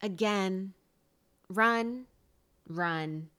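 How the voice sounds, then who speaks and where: Lively woman co-host retelling a movie. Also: medium pitch, drawn-out words, clean tone. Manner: animated, playful storyteller. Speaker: podcast co-host. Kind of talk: casual chat reviewing a movie.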